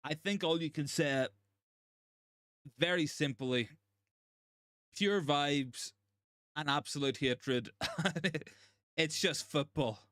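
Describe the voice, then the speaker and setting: Excitable stammering man on a live watchalong. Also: a little high, slow, long pauses, no room sound, studio quality. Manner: excitable, stammering, repeating himself in disbelief. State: shaken and overwhelmed. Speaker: fan channel host. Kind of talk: live football watchalong commentary.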